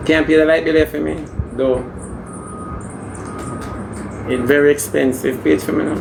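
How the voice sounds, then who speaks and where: A man playing a brash, demanding Jamaican woman in a comedy skit, talking in loud patois banter that moves between scolding and wheedling. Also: a little high, steady tone, moderate pace, vocal fry, background noise.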